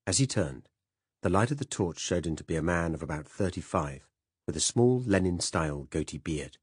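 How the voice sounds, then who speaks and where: A man narrating a first-person spy novel as an audiobook in a measured, even way. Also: low-pitched, slightly rough, no echo, studio quality.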